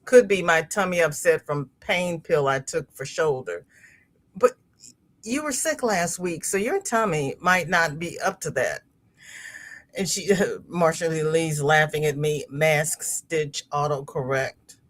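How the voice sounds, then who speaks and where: A woman hosts a crochet livestream, chatting casually while reading viewer comments aloud, laughing often and repeating words. Her voice is deep, animated, and fairly bright, at a measured pace.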